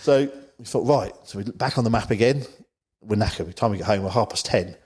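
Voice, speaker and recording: A man chats as a podcast guest, his voice sitting low. He tells his story loosely and packs it with "you know" asides. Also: fast, darkish tone, breathy edge. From England, Isle of Wight. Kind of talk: casual storytelling chat.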